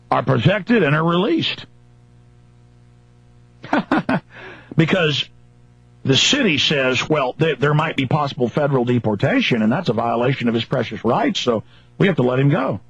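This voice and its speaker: A husky, somewhat high-voiced man rants furiously on a talk radio show, stacking mocking, emphatic lists. The sound is dry and close, with the dull, lo-fi quality of an old radio broadcast. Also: expressive, unhurried, pauses often, a bit bright, no echo. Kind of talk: angry political radio rant.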